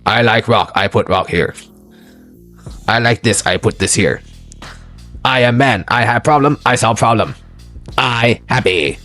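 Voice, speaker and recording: A man voicing a simple-minded caveman who talks slowly in broken, clipped short sentences. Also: mid-range voice, sharp tone, faint music behind. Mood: plodding, proud.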